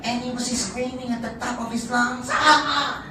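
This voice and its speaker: A man's voice: very high-pitched, completely flat delivery, moderate pace. Man, motivational presenter, rousing and repetitive, distant mic, noisy hall. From Philippines. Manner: rousing, repetitive, calls out to the audience. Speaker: business presenter. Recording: echoey hall from far off with noise.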